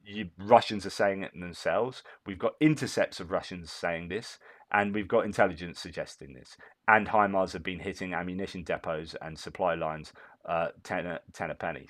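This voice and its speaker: A low-pitched man reads through news reports and keeps stopping to argue with them. His delivery is full of ums and restarts, and he drifts into ranting commentary. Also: normal speed. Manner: ranting asides with frequent fillers and restarts. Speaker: war update commentator.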